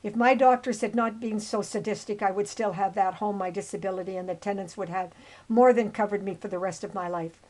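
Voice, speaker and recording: An older woman in her seventies narrates her life story in an earnest, rambling way. She wanders into asides and restarts her sentences. Her voice sits at an ordinary pitch for a woman. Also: fairly even intonation, a little fast, a little mellow, rough recording. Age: 70s. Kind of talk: personal storytelling over old photos.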